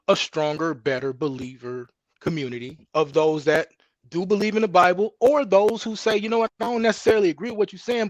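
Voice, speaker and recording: A man's voice: fairly high pitch, dry recording. A man who is a guest in a heated panel debate, defensive and insistent, repeating himself to get a word in. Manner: defensive, insistent, calls others bro.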